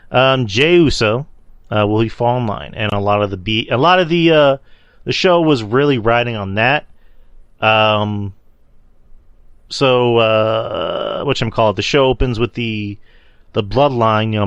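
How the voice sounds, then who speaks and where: Man, podcast host, low voice, loose rambling chat, swears, dry sound. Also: fairly bright tone, smooth, no room sound, dull audio. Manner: rambling, loose, swears, laughs at own slips. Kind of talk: casual wrestling recap chat.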